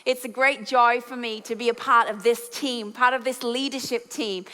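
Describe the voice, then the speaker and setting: A high, bright-voiced woman with an English accent delivers a sermon, teasing the congregation in playful asides. Her tone is smooth and clear. The sound carries a long reverb from a large church hall. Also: steady tone, normal speed. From England. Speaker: guest preacher on the leadership team.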